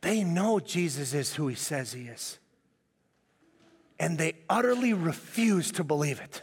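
A man preaching with a high, lively voice that swings widely in pitch. He jokes and laughs as he teaches. The sound carries a long echo from a church hall. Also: unhurried, breathy edge. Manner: animated, jokey, laughs often. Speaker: pastor. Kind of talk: sermon.

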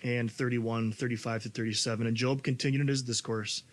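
A man in his thirties preaching a sermon, animated and rising to near-shouting when he reads scripture. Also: medium pitch, a little fast. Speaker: pastor.

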